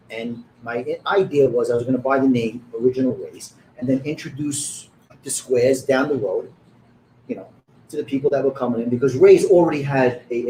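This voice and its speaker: A man's voice: medium pitch, warm tone. A middle-aged man, a pizzeria owner telling his story bluntly and animatedly, acting out the quoted dialogue. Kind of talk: storytelling in an interview. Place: back room of a pizzeria under construction. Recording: echoey room with construction noise.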